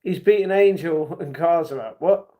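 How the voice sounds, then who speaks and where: Male streamer, slightly high voice, reads chat aloud and riffs on it. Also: moderate pace, phone-quality sound. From United Kingdom. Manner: reads viewer comments aloud and reacts. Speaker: livestream host. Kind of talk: casual livestream chat.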